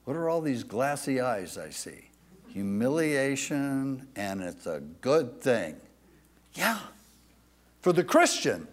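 A man preaching a sermon, speaking slowly and emphatically, with passages that drop to a soft, confessional tone. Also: medium pitch, big pitch swings.

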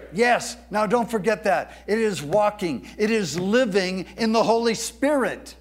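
A man preaching a sermon, leading the congregation in reciting lines back to him with deliberate, emphatic phrasing. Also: high-pitched, expressive. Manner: leads the congregation in call-and-response recitation. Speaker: pastor.

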